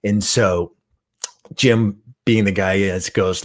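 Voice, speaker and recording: A middle-aged man giving a motivational talk, telling a story in an animated, conversational way and often checking in with the listener. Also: lowish voice, takes it slowly. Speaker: guest trainer and speaker.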